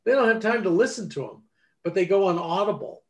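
The ghostwriter and author, a man past forty, has a voice that sits high and talks fairly quickly. Chatting casually in an interview, he tells stories with animation, performing the dialogue he quotes.

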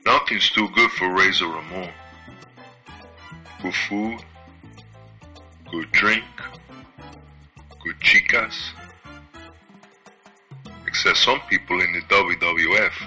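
A man's voice: low voice, slow, pauses often, pushed and bright, heavily acted. A man playing an arrogant wrestler with a put-on Latin accent, taunting and boastful in an archival TV promo with music behind.

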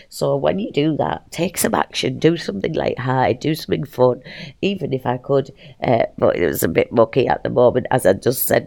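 Middle-aged woman, podcast host, low gravelly voice that swings all over, bouncy and jokey. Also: a little fast, dry recording, clean studio sound. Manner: animated and playful, laughs often. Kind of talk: casual motivational monologue.

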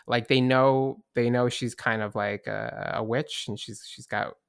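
Creaky-voiced game master. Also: medium pitch, steady tone, a little slow, no echo, studio quality. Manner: hesitant, many restarts. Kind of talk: narrating a tabletop game.

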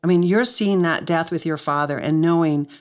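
A woman's voice: low voice, normal speed. A woman hosting a podcast, speaking earnestly to her guest and listeners, choked up with emotion. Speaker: podcast host. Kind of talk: heartfelt interview chat.

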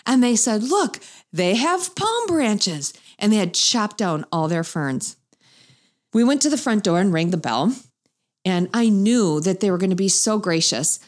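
A middle-aged woman spins a funny story about her family for an audience. She is lively and expressive, and her pitch leaps whenever she acts out someone else's lines. Her voice sits in an ordinary middle register. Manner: animated, acts out quoted voices with big pitch jumps. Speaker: mother telling a family story. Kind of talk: humorous storytelling talk to an audience.

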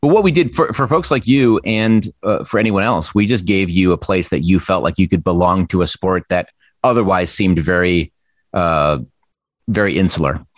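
A man's voice: low-pitched, normal speed, no room sound, studio quality. A man talking casually as a podcast guest, reflective and storytelling. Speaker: podcast guest, former triathlon magazine editor. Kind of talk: casual conversation.

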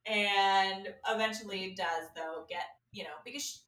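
Speaking at a measured pace with a medium pitch, a woman spins a story in relaxed chat and plays the characters as she quotes them. The sound is echoey and slightly off-mic, captured from a distance.

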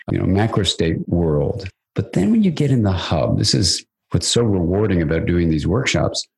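A man's voice: low-pitched, vocal fry, slightly rough, rough recording. An older man, a psychiatrist guest in an interview, explaining ideas at length and telling stories with acted-out dialogue. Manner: animated storyteller, acts out quoted dialogue.

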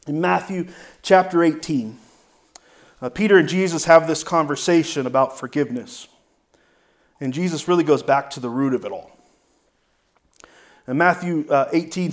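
A man's voice: a little high, moderate pace, long pauses. Man preaching a conversational sermon. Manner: conversational, asks "right?" often, varies loudness for emphasis. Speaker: pastor.

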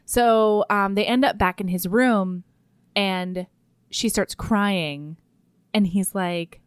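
A woman's voice: medium pitch, slow pace, smooth, no room sound, studio quality. A woman chatting casually about a romance novel, acting out the characters' lines as she retells the plot. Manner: animated, acts out characters' lines while retelling.

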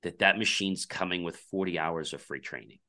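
Male podcast guest, deep bright voice, animated storyteller who plays out the back-and-forth in his anecdotes. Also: normal speed, vocal fry. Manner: animated storyteller acting out quoted dialogue. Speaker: podcast guest, company founder.

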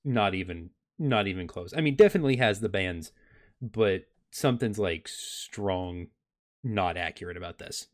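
A man's voice: low-pitched, lively intonation, normal speed. A man acting as game master of a tabletop game, talking in an easygoing way with many fillers.

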